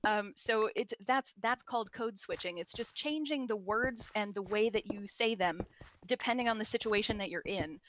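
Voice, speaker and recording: A woman's voice: medium pitch, fairly bright tone, slight background noise, poor audio. A woman from Scotland, an archaeologist, in casual chat, explaining at length with laughs. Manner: chatty and explanatory, with frequent laughs.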